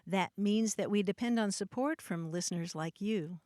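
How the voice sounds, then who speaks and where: A woman's voice: medium pitch, normal speed, a little mellow, dry recording, studio quality. A woman from Kentucky co-hosting a radio talk show, asking callers friendly questions and explaining word pronunciations.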